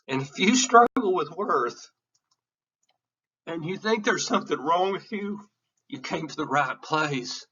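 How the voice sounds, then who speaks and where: A man's voice: on the high side, lively intonation, a little slow, pauses often, bright, forceful tone, breathy edge, distant mic, lo-fi sound. A man giving an emotional, earnest classroom lecture, candid and sometimes swearing. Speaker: teacher.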